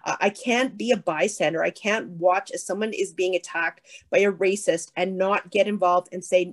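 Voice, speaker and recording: A woman's voice: lowish voice, moderate pace, few pauses. Earnest, firm woman speaking on stage. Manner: earnest, firm, lively with laughs. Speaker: keynote speaker. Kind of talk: conversational answer on stage.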